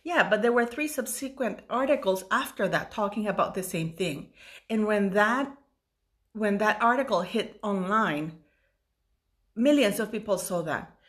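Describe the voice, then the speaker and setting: A woman in her fifties talks through a long commentary monologue in a mid-pitched voice, tired and rambling. She stops and restarts often, and she gets emotional as she goes. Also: lively intonation, a little slow, fairly bright tone. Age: 50s. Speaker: YouTube commentator.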